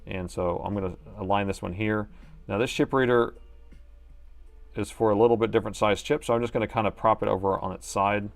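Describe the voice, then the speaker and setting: Low-voiced man narrating a live repair. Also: little pitch movement, fast talker, gravelly, hardly any pauses, soft background music. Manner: chatty, explains steps while working, jokes with chat. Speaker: livestream repair host. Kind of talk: casual live-stream narration.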